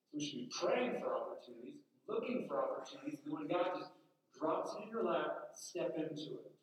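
A man giving a casual, conversational sermon, telling everyday stories with quick acted asides. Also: on the high side, lively intonation. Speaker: preacher. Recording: echoey room, mic far off.

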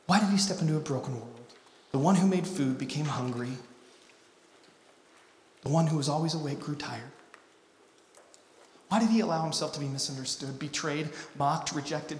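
A man from Utah preaching a sermon, swinging between hushed, intimate lines and loud, emphatic ones. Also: a little high, expressive, normal speed, pauses often. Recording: echoey hall.

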